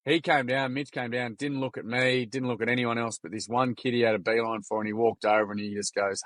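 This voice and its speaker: A man's voice: fairly low pitch, fast talker, hardly any pauses, no echo. An Australian man who founded a youth workshop group, telling stories in casual chat, slangy and acting out quotes. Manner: animated, slangy, acts out quotes.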